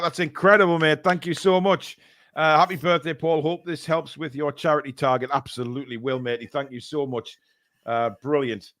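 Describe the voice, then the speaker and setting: A man hosts a fan live stream, reading out donations in loose, joking chat. He fills the gaps with "uh" and "um". His voice sits somewhat high for a man. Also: a bit bright. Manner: rambling, joking, many fillers.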